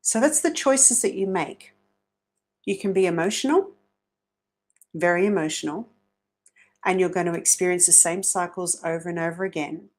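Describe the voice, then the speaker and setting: A woman's voice: lowish voice, normal speed, long pauses, a little mellow. A woman hosting a motivational self-help talk, earnest and coaching, often asking rhetorical questions.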